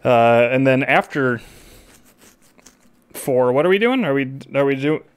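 Relaxed male streamer, dry close mic. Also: medium pitch, unhurried, clean tone, no echo. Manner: relaxed, rambling, with frequent fillers and laughs. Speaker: streamer host. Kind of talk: casual stream sign-off chat.

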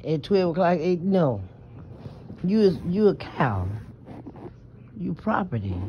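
A woman's voice: lowish voice, big pitch swings, slow pace, slight background noise. A woman rambles to her phone from bed at night, stammering, emphatic and swearing freely. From Southern US, New Orleans. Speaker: vlogger. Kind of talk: late-night confessional vlog. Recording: muffled lo-fi phone audio.

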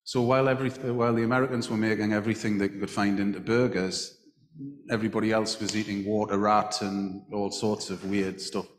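A man's voice: lowish voice, little pitch movement, brisk. A man as the guest at a live stage talk, telling a long anecdote with many restarts. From England. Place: large hall at a book festival. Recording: echoey hall, roomy reverb.

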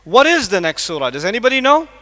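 High, sharp-voiced man lecturing in a mosque. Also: very animated, fast. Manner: quizzes the audience with repeated questions. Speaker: Islamic lecturer. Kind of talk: lecture to a live audience. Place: large mosque hall. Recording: long echo of a mosque hall.

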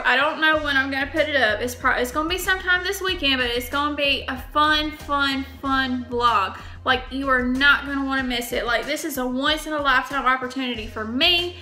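A woman's voice: sits high, sharp tone. A young woman chatting casually to her viewers, emphatic and repeating words for stress. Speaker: vlogger. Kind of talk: casual chat to camera.

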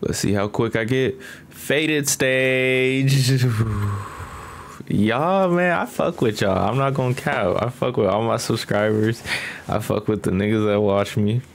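A man hosting a casual reaction video, rambling and swearing in a relaxed way while high, sometimes mimicking others in squeaky voices. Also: a little slow, vocal fry, slight background noise.

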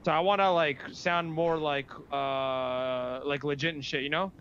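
A man's voice: fairly high pitch, steady tone, a little slow, a bit bright. A man on a voice call, defensive and rambling, swearing a lot. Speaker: caller on a voice call. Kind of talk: casual chat. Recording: lo-fi voice call with noise.

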